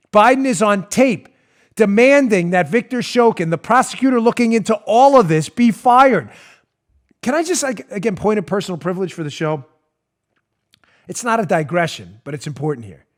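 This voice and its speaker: High, animated ranting male podcast host. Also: brisk. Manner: emphatic, sarcastic, animated ranting. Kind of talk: opinionated talk show monologue.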